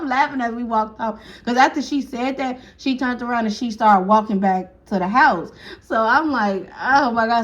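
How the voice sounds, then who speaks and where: A woman's voice: on the high side, highs cut off. A woman telling a casual storytime, acting out each person's lines and laughing often. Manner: animated, acts out quotes, laughs often.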